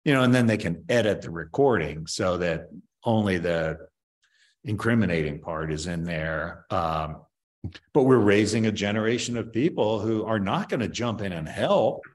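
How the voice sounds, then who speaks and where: A man's voice: lowish voice, lively intonation, normal speed. A man in his seventies, a martial arts master, giving opinionated, rambling answers in an interview with many fillers.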